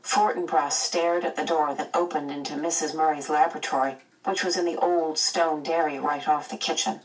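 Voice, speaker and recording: A woman narrating a children's novel aloud in a measured, expressive way. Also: low voice, distant mic, poor audio. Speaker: audiobook narrator. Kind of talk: storybook narration.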